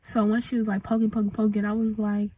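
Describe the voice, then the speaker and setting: A woman's voice: medium pitch, monotone, fast, warm tone, slightly rough, low-quality recording. A young woman in her late teens venting in a casual storytime rant, slangy and full of likes. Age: young adult. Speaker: vlogger.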